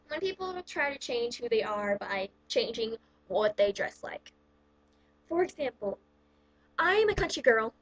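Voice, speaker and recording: A woman's voice: fairly high pitch, fairly bright tone, muffled recording, slight background noise. A teenage girl ranting casually in a vlog, chatty and sarcastic, acting out little quoted exchanges. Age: teens. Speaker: vlogger.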